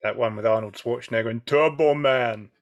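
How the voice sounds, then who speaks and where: A man's voice: medium pitch, brisk, highs cut off. A young man hosting a gaming podcast in upbeat, joking casual chat. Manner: jokey, upbeat. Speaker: podcast host.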